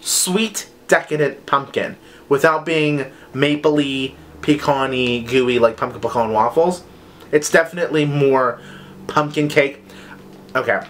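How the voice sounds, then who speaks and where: Man, casual haul vlogger, chatty, playful, average pitch, light background noise. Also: a little slow. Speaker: vlogger reviewing wax melts.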